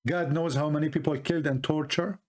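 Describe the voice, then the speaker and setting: A man's voice: fairly high pitch, steady tone, fairly quick, darkish tone. A man from the Middle East with an Arabic accent, talking in a mocking, ironic monologue full of rambling asides. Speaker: online commentator. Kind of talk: sarcastic monologue.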